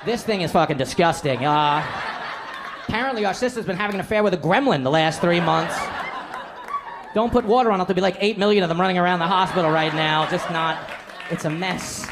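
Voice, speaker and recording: A man doing a punchy stand-up set in a comedy club. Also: sits high. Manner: quick, punchy delivery. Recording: live club with background noise.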